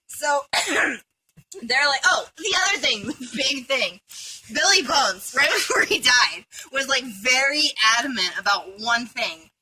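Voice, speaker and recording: A young woman rambles through a comic retelling of a film's plot for her friends, swearing and stumbling over fillers. Her voice is fairly high and very bright, with a faint hiss of background noise. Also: animated, a little slow, low-quality recording. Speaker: storyteller among friends. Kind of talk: casual comedic plot retelling.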